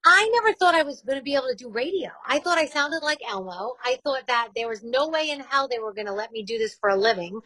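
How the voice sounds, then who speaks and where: A woman in her forties with a New York accent, a radio host telling her story in a casual interview, candid and quick to laugh. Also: sits high, lively intonation, pushed and bright, no echo, low-quality recording.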